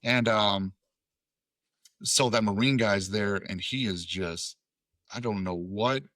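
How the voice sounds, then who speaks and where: Bright-voiced man swearing through a story. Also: fairly low pitch, takes it slowly, no room sound. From Tennessee, USA. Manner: profane, acts out quoted dialogue. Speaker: podcast guest, Air Force veteran. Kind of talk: casual storytelling.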